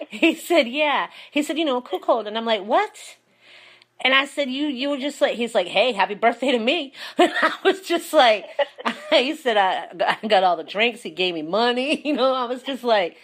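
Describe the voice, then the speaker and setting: Female host with a fairly high voice; lively anecdote-teller who laughs often. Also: moderate pace. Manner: animated storyteller, laughs often. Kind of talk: casual chat.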